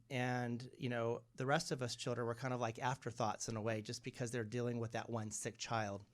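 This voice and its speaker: A man, a guest medium, talking casually in an interview and telling animated stories, often acting out the people he quotes. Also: mid-range voice.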